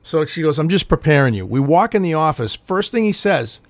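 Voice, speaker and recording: A man hosting a casual podcast, rambling through a long anecdote with plenty of swearing. His pitch moves a lot from line to line, and the recording is dry, with no room sound. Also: big pitch swings, brisk, no room sound. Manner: rambling, profane anecdote telling. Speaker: podcast host. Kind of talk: casual chat.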